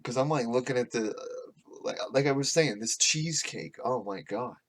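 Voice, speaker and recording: A man's voice: medium pitch, normal speed. Profane, rambling male podcast host. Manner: profane, rambling, laughs often. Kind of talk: casual rambling monologue. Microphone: podcast microphone.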